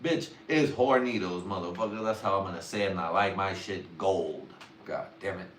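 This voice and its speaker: A man's voice: low-pitched, steady tone, fairly quick, a bit bright, distant mic, slight background noise. A man talking casually on a livestream, rambling crudely with heavy swearing. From Mexican family. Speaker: livestream host. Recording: roomy sound from away from the mic.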